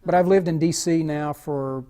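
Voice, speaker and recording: A man from Arkansas with a faint Southern US accent, talking in an interview in a measured, articulate way with frequent pauses. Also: a little high, steady tone, warm tone. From Arkansas, USA. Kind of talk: casual interview talk.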